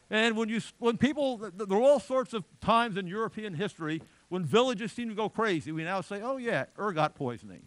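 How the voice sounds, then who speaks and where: A man's voice: sits high, a bit bright, no room sound. A middle-aged man giving a public lecture in a chatty, digressive way with joking asides.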